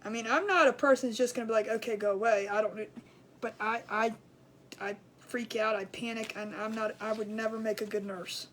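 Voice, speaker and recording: A middle-aged woman with a fairly high voice talks in a rambling, colloquial way, like a craft host chatting with viewers. She gets animated when she tells a story. There is a faint hiss of noise behind her. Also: fairly quick. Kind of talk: casual storytelling chat.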